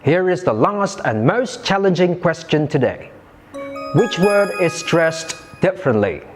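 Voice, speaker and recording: A man teaching English pronunciation in a slow, careful, clearly articulated scripted lesson. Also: on the high side, big pitch swings, soft background music.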